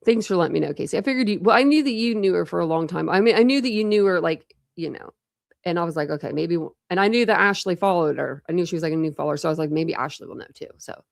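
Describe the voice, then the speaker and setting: A woman's voice: fairly low pitch, animated, very fast, creaky, dry recording, studio quality. A woman chatting casually on a true crime live stream, rambling with lots of fillers and talking to her chat.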